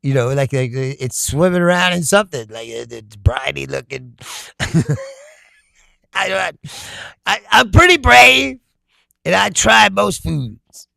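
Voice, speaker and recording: A man's voice: high voice, expressive, slow pace, gravelly, long pauses, bright, forceful tone, no room sound. A man hosting a casual livestream, reading viewer comments aloud, laughing often and swearing freely. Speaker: livestream host.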